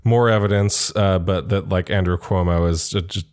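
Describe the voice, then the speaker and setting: A man's voice: sits low, steady tone, normal speed, a little mellow, smooth. A man co-hosting a political podcast, rambling with lots of fillers and swearing. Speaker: podcast co-host. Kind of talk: casual political chat.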